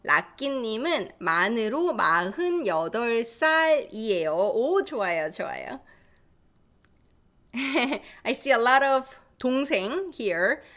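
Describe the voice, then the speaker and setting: A woman in her thirties teaching Korean on a live stream, reading out viewers' comments and laughing often, slowing down to explain phrases. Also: a little high, very animated, fairly bright tone. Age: 30s. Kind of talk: live-stream language lesson.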